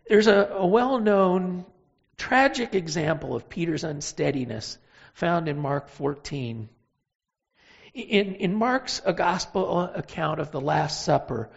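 A preacher giving a sermon, telling a Bible story with emphatic, animated delivery and pauses. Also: medium pitch, vocal fry, husky, highs cut off.

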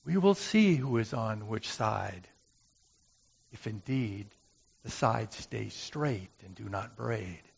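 A man playing a gentle, humble brother of Moses in a slow, musing dramatic monologue. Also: on the low side, expressive, vocal fry, slightly rough, lo-fi sound, full character voice. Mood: reflective. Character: gentle brother of Moses, who made the golden calf, humble and reflective.

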